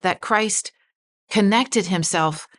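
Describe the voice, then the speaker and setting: Slow and mid-range, a woman pastor's voice carries a podcast discussion of a Bible passage. She reads verses aloud and asks questions to guide the conversation.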